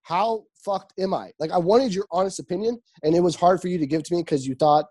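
A man in casual chat, telling animated stories with lots of swearing and acted-out quotes. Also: high-pitched, fast talker. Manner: animated storytelling, swears a lot, acts out quotes.

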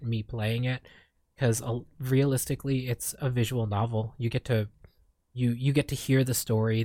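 Medium in pitch with a darkish tone, a young man from the Philippines chats casually as a streamer and podcast co-host, rambling along with plenty of fillers and restarts. There is no room sound in the recording.

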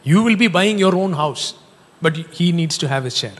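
Male preacher, fairly high voice, animated storytelling sermon in a reverberant hall. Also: normal speed. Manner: animated storytelling, jokes and laughs.

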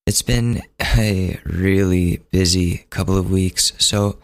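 Man, very low pitch, hoarse, fatigued, young adult, casual rambling podcast host. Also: fairly even intonation, slow. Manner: rambling, self-interrupting, casual. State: losing his voice, fatigued. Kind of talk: solo podcast monologue.

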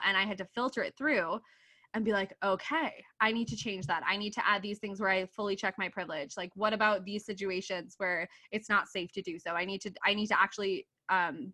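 A woman in her twenties from Canada, a coach and author talking as a podcast guest, animated, laughing often and swearing freely as she acts out her own quotes. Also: medium pitch. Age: 20s. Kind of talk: casual podcast interview.

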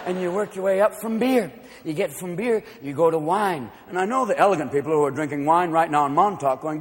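A man doing a stand-up comedy routine, manic and loud, jumping between shouted voices. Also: high voice, animated. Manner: manic, shouting, quick voice switches. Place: comedy stage before a live audience. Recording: live hall recording with crowd noise.

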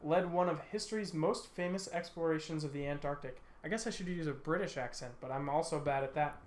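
A man's voice: fairly high pitch, brisk. A man chatting casually at a tasting, rambling and hedging as he trails off. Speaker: tasting co-host. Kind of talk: casual chat.

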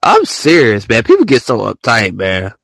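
A man hosting a live audio show, ranting in casual slang and often jumping into high, mocking quotes. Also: wildly swooping pitch, normal speed, a bit bright, dry recording, studio quality. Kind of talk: casual rant to listeners.

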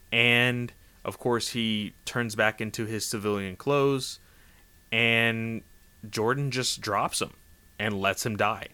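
A man casually recapping a story in a rambling, animated way, full of fillers. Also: lowish voice, clear, resonant tone. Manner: rambling, animated, lots of "like" and "you know". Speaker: comic book recap host.

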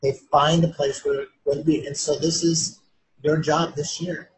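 A male author speaking in an interview, storytelling with animated delivery. He rises and falls in pitch and doubles back on phrases as he talks. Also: normal speed, a little hiss or hum, rough recording. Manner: expressive storyteller, acts out quoted voices, repeats words.

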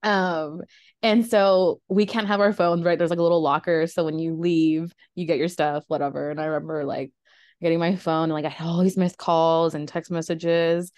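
A young woman talks casually on a podcast, winding through her thoughts with fillers and little nervous laughs. Her voice sits on the low side and comes across smooth and clear. The sound is dry and close, with no room around it. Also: steady tone, normal speed, a little mellow, no room sound. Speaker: podcast host. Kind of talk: casual conversation about grief.

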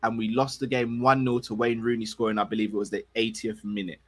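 Man, podcast co-host, laid-back slangy chat, steady measured football breakdown. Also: fairly low pitch. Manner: relaxed, slangy, measured analysis.

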